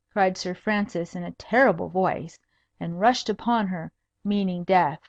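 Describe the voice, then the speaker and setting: A woman's voice: fairly low pitch, unhurried, no room sound. Woman narrating a storybook, dull and dry. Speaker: audiobook narrator.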